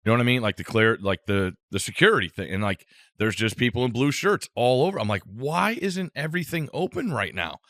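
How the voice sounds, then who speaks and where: A man's voice: lowish voice, lively intonation, quick pace, fairly bright tone, no echo, clean studio sound. A man co-hosting a podcast, telling a rambling, self-amused travel story in casual chat.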